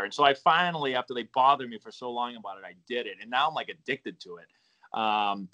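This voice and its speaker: A middle-aged man from Massachusetts with a softened Boston accent, chatting casually as a podcast guest, easygoing and rambling with lots of fillers. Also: medium pitch, brisk, highs cut off. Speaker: podcast guest, former ballplayer and coach. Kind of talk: casual interview chat.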